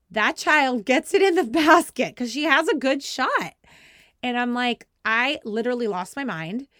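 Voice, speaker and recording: Female podcast host, 30s, chatty and self-deprecating, bursts into shouted quotes, dry close sound. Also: medium pitch, no echo. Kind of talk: casual storytelling.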